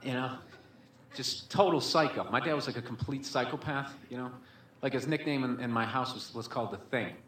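A man's voice: mid-range voice, a little fast, a bit bright, a little hiss or hum. A man doing stand-up storytelling, rambling with constant filler words and swearing, on a comedy club stage. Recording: echoey room with faint ambience.

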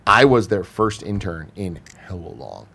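Profane, animated young man telling a story. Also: deep voice, measured pace, vocal fry. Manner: profane, animated, acts out quoted people. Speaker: podcast guest telling a story. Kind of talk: casual storytelling among friends.

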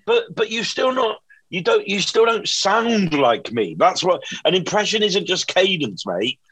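A man's voice: sits high, big pitch swings, a little slow, a bit bright, slightly rough, dry recording, poor audio. Weary Bristolian man hosting a podcast. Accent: Bristolian English. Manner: chatty, self-mocking, with many fillers. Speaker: podcast host. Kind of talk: casual comedy podcast chat. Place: hotel room.

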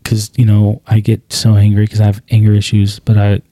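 A man in his thirties, a podcast co-host in casual chat, telling animated stories and acting out what he says. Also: lowish voice, brisk, dry recording. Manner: animated storyteller, acts out quotes.

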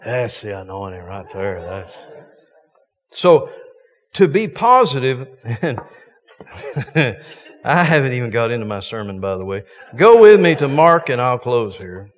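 A man's voice: mid-range voice, sing-song, a little slow, long pauses, in a large hall. A man preaching a sermon as a visiting preacher, folksy and joking with emphatic points.

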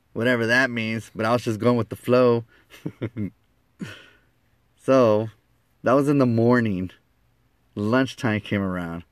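A man telling a personal story in a lively way, acting out the quoted lines and laughing at himself. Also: fairly low pitch, no echo.

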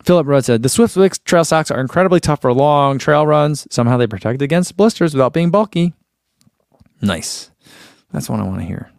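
A man's voice: a little high, animated, fairly quick, creaky, a little mellow, no room sound, clean studio sound. A man reviewing running gear in a casual live chat, musing aloud with fillers and reading out viewer comments.

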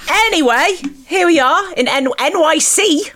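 A woman hosting a podcast in casual chat, self-deprecating and quick to laugh. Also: extremely high pitch, expressive, fairly bright tone. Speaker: podcast host.

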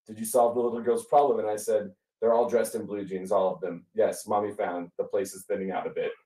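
A man co-hosting a casual chat, telling a story in a wry, deadpan way with frequent laughs. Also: on the low side, a little fast, far from the mic. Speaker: podcast co-host. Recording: echoey room, voice off-mic.

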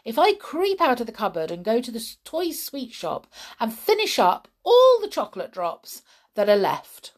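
A woman voicing a bossy, mischievous girl doll who gives brisk commands in a storybook reading. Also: fairly high pitch, huge pitch swings, voice pushed up. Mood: scheming.

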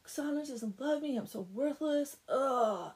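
A woman's voice: on the high side, lively intonation, measured pace, darkish tone. A woman voicing a moody, lovesick young village blacksmith with whiny, dramatic groaning. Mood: mopey, dramatic.

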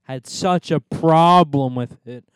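A young man co-hosting a podcast, teasing and arguing in excitable, casual banter. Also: on the high side, slow pace, clean tone, dry recording. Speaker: podcast co-host.

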